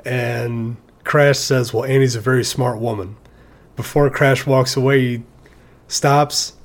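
A man in a casual monologue about his favorite film scenes, retelling them in a relaxed, conversational way and sometimes chuckling at his own stories. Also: mid-range voice. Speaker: movie fan talking about favorite scenes.

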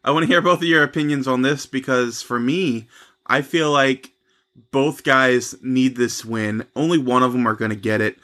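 A man's voice: mid-range voice, moderate pace, bright, forceful tone. A man hosting a casual wrestling podcast, upbeat and steering the talk between his co-hosts. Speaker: podcast host.

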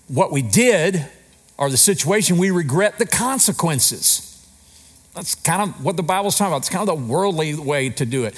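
Man, pastor, sermon, conversational, rhetorical questions, slightly higher voice. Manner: conversational, asks rhetorical questions, lively emphasis.

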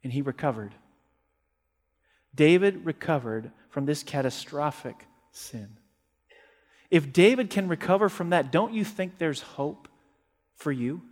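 A male pastor preaching a sermon, emphatic, swinging between forceful peaks and quiet low passages. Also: in a large hall.

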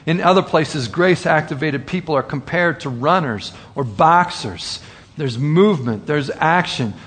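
A man preaching a sermon, earnest and full of rhetorical questions, slowing down for emphasis. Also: fairly high pitch, lively intonation, fairly bright tone, slightly rough.

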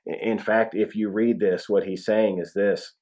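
A man's voice: fairly low pitch, steady tone, moderate pace, a little mellow. A man preaching a conversational sermon as pastor, with frequent restarts and emphatic drops in his voice.

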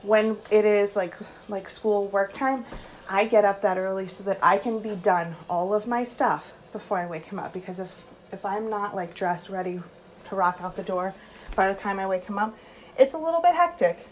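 A woman hosting her own podcast, talking casually from her home kitchen, with lots of likes and quick self-corrections. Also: medium pitch, fairly even intonation, a little hiss or hum, low-quality recording. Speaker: podcast host and social worker.

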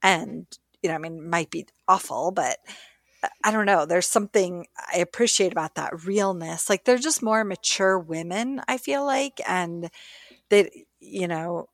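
A woman co-hosting a podcast in casual chat, quick to agree and chatty. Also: lowish voice, no echo, studio quality. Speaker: podcast co-host.

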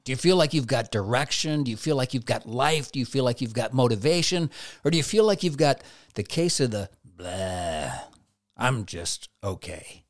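A man's voice: medium pitch, brisk. A man who works as a therapist, giving a motivational faith talk, full of rhetorical questions and little acted-out inner voices.

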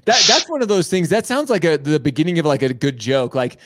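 Hyped-up male show host, lively pitch. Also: a little fast. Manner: hyped, rambling, lots of fillers and restarts. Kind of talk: enthusiastic live show hosting.

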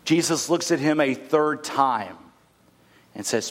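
A man's voice: fairly high pitch, takes it slowly. A male pastor leading communion, telling a scripture story in a conversational way. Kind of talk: sermon.

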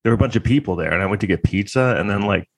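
A man's voice: on the low side, very fast, no room sound. A man delivering a comedic monologue in a crude, sarcastic, rambling way, full of fillers and restarts.

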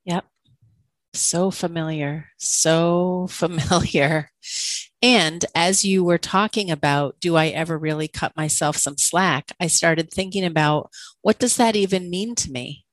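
Woman, podcast co-host, coach, low-ish voice, dry close mic, candid, reflective. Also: moderate pace, no echo, poor audio. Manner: candid and self-questioning, laughs often. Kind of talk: reflective conversational podcast talk.

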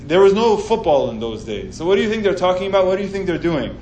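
A man teaching an informal scripture class, telling the story with animated sarcasm. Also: sits high, fast, roomy sound, slight background noise, rough recording.

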